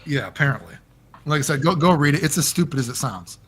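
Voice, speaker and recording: Husky man rambling on a call. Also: fairly high pitch, fast talker. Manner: rambling and animated, swears often. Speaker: guest. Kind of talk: casual interview over a call.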